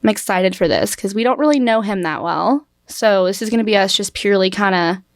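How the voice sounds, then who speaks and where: A woman's voice: medium pitch, a little fast. A young woman hosts a casual interview, chatty and bubbly as she talks. Her voice sits in the middle range and sounds dry and close, with no room echo. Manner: chatty and bubbly, laughs easily. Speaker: interview host.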